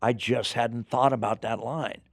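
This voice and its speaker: An older man, an actor being interviewed, telling rambling, animated stories in casual chat. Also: medium pitch, a little slow, creaky, no echo, clean studio sound. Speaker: actor guest.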